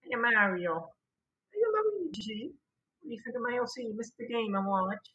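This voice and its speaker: A man putting on a strained high voice as a dopey, eager Luigi in a parody bit. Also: animated, normal speed, sharp tone, exaggerated voice. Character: high nasal cartoon brother, eager and dopey. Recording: dull lo-fi recording.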